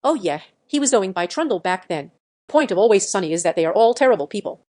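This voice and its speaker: A woman reading forum comments aloud in an even, matter-of-fact way. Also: medium pitch, fast. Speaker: narrator reading online comments.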